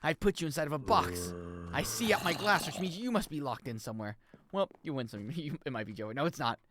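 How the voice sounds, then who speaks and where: A young man giving casual, jokey commentary as he plays a video game, swearing and breaking into loud high-pitched yells. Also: very animated, fairly quick, music in the background. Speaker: streamer.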